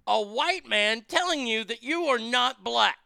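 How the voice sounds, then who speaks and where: A man's voice: very high-pitched, animated, a little slow, gravelly, bright, forceful tone, clear, resonant tone, no echo. A man hosting a show, ranting angrily with heavy swearing. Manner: profane, heated, swearing often. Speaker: host. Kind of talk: angry commentary rant.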